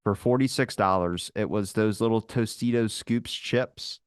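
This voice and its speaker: A man telling a long story in casual chat, animated, swearing and acting out what people said. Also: on the low side, measured pace, smooth, no room sound, clean studio sound. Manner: animated, swearing, acts out quotes. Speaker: podcast guest.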